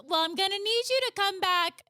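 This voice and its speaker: Woman podcast host, high bright voice, eager, jumping in to react. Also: brisk. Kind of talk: casual chat.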